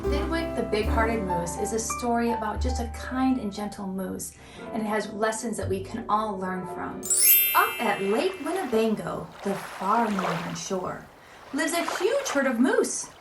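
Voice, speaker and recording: Animated mom reading a picture book. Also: female voice, on the high side, measured pace, echoey room, over loud music. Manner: animated sing-song rhyming delivery. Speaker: homeschool mom reading aloud. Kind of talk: children's storybook read-aloud.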